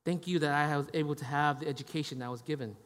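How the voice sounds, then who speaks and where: Guy preaching a sermon, kinda high voice, casual, keeps saying right?, big echoey hall. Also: rapid-fire, fairly bright tone. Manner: conversational, frequent "right?" tags. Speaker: pastor. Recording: long hall reverb.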